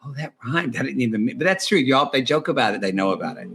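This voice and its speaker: A man chatting as a podcast guest, animated and gossipy, acting out quotes in funny voices. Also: mid-range voice, fast. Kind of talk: casual chat recapping a reality show.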